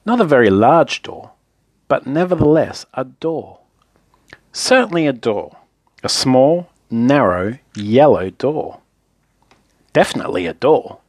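Lively, playful male storyteller. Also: medium pitch, slow pace, pauses often, no room sound. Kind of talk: children's story reading.

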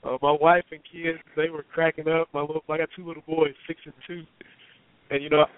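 A man in his thirties hosting a casual sports talk radio show, his voice still hoarse, chatty and folksy with many fillers. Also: a little high, flat delivery, fairly quick, no room sound. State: hoarse, recovering voice. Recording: tinny phone-line audio.

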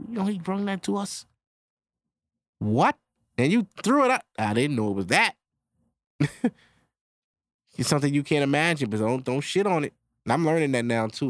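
A man's voice: mid-range voice, dry recording. A man, hosting a podcast in a loose, profane solo monologue. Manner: loose, profane, acts out quick back-and-forth voices. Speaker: podcast host. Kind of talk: casual monologue.

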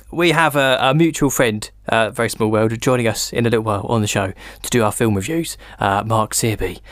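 A man's voice: lowish voice, no echo, clean studio sound. Easygoing man hosting a radio interview. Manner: easygoing, encouraging, laughs along. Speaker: radio show host.

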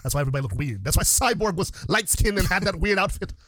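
A man co-hosting a podcast in casual chat, excitable and riffing with mock dialogue. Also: high voice, fast talker, no room sound. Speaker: podcast co-host.

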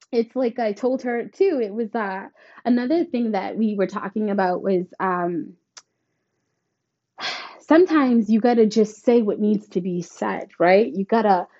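Woman, podcast host, blunt and emphatic monologue, heavy swearing, somewhat high voice, muffled lo-fi audio. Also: a little mellow. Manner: blunt, emphatic and heavily profane. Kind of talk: spiritual channeling monologue.

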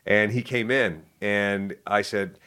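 A middle-aged man telling stories from his life as an interview guest, lively and self-deprecating with quick asides. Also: on the low side, clean tone. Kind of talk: casual storytelling interview.

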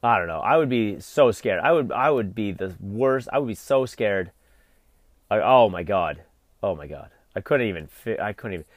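A man's voice: lowish voice, expressive, moderate pace, no echo, clean studio sound. A young adult man hosting a vlog, delivering an exasperated, profane solo rant full of fillers. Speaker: vlog host.

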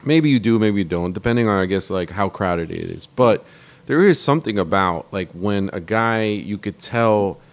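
A man with a fairly low voice, co-hosting a relaxed podcast chat. He mostly reacts in short bursts, laughs easily and asks friendly follow-up questions. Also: normal speed. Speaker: podcast co-host. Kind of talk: casual chat.

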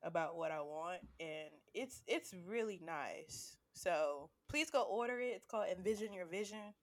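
A woman co-hosting a casual chat, telling an animated story full of cursing. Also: fairly low pitch, normal speed. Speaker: podcast co-host.

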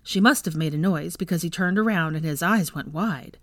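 A woman narrates a story at an even, steady pace. Her voice sits low and is recorded close, with no room sound at all. It is a home audiobook reading. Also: normal speed, dry recording. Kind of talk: fan fiction audiobook reading.

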